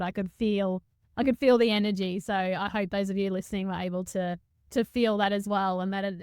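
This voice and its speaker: A woman's voice: medium pitch, a little mellow, clear, resonant tone, no room sound, clean studio sound. A woman hosting a spiritual podcast, talking reflectively and searching for words with many restarts. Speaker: podcast host. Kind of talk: reflective conversational podcast talk.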